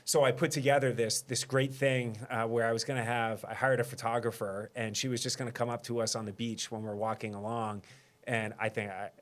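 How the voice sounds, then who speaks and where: A man's voice: mid-range voice, level tone, a little fast. A man in his thirties, a mayor and guest on an interview show, telling a personal story in a casual, self-deprecating way and laughing often.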